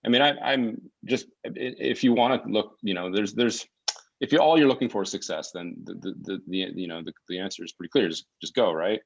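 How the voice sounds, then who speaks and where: A man's voice: lowish voice, a little fast, gravelly, lo-fi sound. A man talking as a podcast guest, thinking aloud in a casual way, restarting his sentences often as he searches for words. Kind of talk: casual conversational interview. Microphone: remote call mic.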